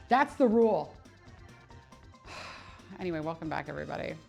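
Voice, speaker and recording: A woman's voice: low-pitched, normal speed, creaky, faint music behind. A woman who works as a personal trainer, chatting casually and swearing on a live stream while she exercises, laughing at herself often. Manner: animated, swearing, self-mocking, laughs often.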